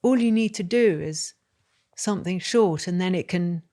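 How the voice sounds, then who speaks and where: Host, woman, lowish voice, thoughtful rambling interviewer. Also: moderate pace, warm tone. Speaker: podcast host. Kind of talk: interview conversation.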